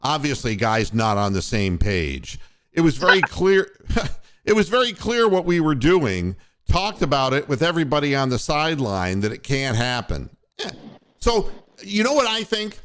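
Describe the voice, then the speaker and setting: A man's voice: mid-range voice, very animated, moderate pace, fairly bright tone. A man hosting a postgame sports radio show, ranting angrily with lots of profanity. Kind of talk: postgame sports talk rant.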